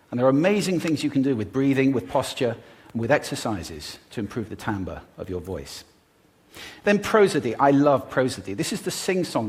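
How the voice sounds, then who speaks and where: Man giving a lively, expressive stage talk. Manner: expressive, deliberately varies pitch, pace and volume. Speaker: public speaker on voice. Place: stage before a live audience.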